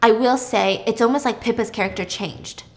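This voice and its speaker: A woman's voice: fairly high pitch, moderate pace. A young woman hosting a casual show, retelling a plot dramatically and swearing freely. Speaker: host. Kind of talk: casual storytelling recap.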